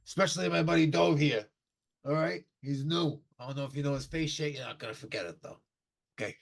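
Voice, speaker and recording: A man voicing a pushy, drunken male gambler who talks loud and bossy. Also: a little high, a little fast, vocal fry, voice pushed up.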